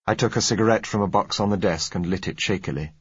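A man narrating a novel in the first person, measured and understated. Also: on the low side, breathy edge, no echo. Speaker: audiobook narrator. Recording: dull, dry lo-fi recording.

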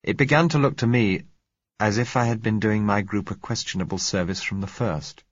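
Deep, husky male audiobook narrator. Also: no echo, muffled recording. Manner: measured, reflective first-person narration. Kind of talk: audiobook reading of a novel.

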